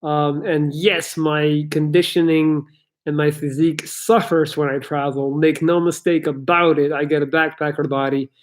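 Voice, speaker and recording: Young male life coach, a touch high-pitched, loose and profane, livestream Q&A chatter. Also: little pitch movement, normal speed. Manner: loose, chatty, swears, laughs often. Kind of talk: casual livestream Q&A, reading chat.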